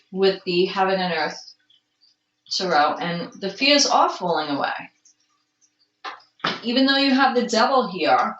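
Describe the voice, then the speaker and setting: A woman gives a slow, unhurried tarot reading, musing aloud and gushing softly over each card. Her throat is a little rough from allergies. The sound is dull and roomy, with a faint hiss behind her. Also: mid-range voice. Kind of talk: casual tarot reading to camera.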